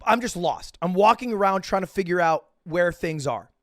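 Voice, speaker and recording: A man's voice: high-pitched, lively intonation, moderate pace, fairly bright tone, dry recording, clean studio sound. A man streaming, telling a rambling, self-mocking story full of swearing and restarts. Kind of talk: casual storytelling to stream chat.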